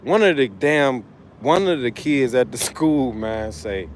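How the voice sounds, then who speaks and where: A man's voice: medium pitch, lively intonation, unhurried. Dude ranting on his livestream, loose and cussing a lot, faint traffic hum behind him. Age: adult father of school-age kids. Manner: loose, profane, rambling and emphatic. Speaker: livestream host, trucker. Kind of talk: casual livestream chat.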